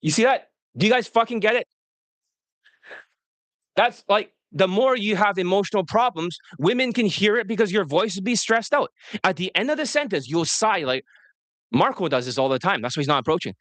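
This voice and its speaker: A man's voice: sits high, animated, moderate pace, fairly bright tone, no echo. A man coaching on dating straight to the camera, blunt and profane, addressing his viewers directly.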